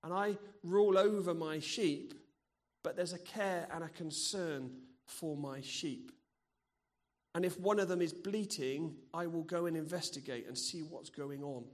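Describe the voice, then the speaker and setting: A man's voice: a little high, a little slow. Earnest middle-aged man preaching. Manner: earnest and personal, sharing stories from his own life. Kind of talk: sermon.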